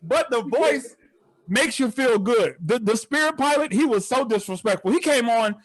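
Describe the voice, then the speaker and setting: A man doing a virtual stand-up comedy set over a video call, telling stories with animated, incredulous outbursts. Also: extremely high pitch, normal speed, no room sound.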